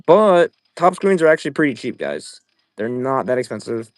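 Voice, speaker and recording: A young man hosting a casual live-selling stream, profane and excitable as he pitches items while playing a game. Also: moderate pace, dry recording. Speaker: livestream seller.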